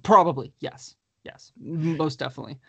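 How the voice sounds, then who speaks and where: A man's voice: fairly high pitch, moderate pace, creaky, breathy edge, dry recording, lo-fi sound. A man co-hosting a casual podcast chat, reading out listener questions and laughing often. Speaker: podcast co-host.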